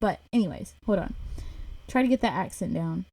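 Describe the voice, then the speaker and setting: An American woman in her thirties, co-hosting a casual podcast chat, playful and quick to laugh. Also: medium pitch, expressive, mellow. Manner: playful, giggly, jokey. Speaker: podcast co-host.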